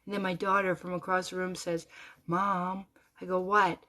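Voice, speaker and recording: A woman telling a personal story in a casual, animated way, dropping to hushed whispers and rising to loud exclamations. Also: on the low side, fast talker.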